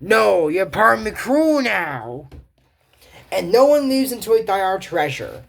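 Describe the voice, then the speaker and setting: A woman's voice: mid-range voice, very animated, a little slow, creaky, voice pushed up, full character voice. A woman reading a hapless pirate captain. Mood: cheerful. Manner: read aloud from the show's dialogue. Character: hapless adult male pirate captain, pirate slang.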